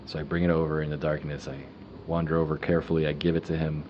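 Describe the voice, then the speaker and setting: A man calmly telling a personal story in the first person, reflective and unhurried. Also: extremely low pitch, dull audio, a little hiss or hum.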